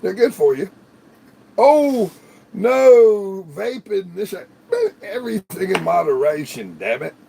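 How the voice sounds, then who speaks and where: A man chats on his own livestream in a loose, rambling way, peppering his talk with profanity and laughter. His voice sits a bit higher than most men's and jumps around a lot in pitch. There's a gravelly rasp running through it. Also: huge pitch swings, a little fast, few pauses, darkish tone, slight background noise. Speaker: livestream host. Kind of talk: casual live-stream chat.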